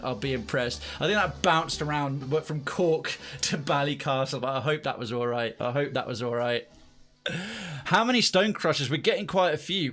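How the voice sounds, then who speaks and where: A man's voice: medium pitch, fairly bright tone. A man streaming live, reading a story and chatting to viewers in a rambling, self-correcting way.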